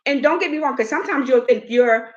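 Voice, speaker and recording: A middle-aged woman hosting a casual chat, telling a personal story in an animated way and acting out what others said. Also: high voice, quick pace, lo-fi sound. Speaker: host.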